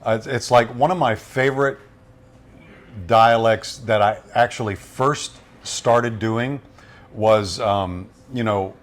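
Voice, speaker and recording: A man's voice: mid-range voice, fairly even intonation, slow pace. A middle-aged man from Louisiana, a radio voice-over artist, telling stories casually in an interview with frequent restarts. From Louisiana, USA. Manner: chatty, rambling with frequent restarts.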